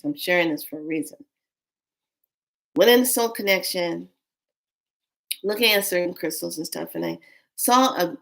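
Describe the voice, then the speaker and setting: A woman's voice: lowish voice, vocal fry, rough recording. Earnest woman telling a personal story. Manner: emotional, earnest, addresses listeners directly. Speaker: spiritual storyteller.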